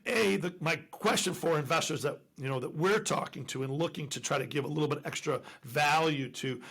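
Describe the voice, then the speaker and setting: A man's voice: a little high, brisk, fairly bright tone, husky. A man hosting a podcast interview, chatty and challenging, with lots of fillers. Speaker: podcast host. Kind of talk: casual interview.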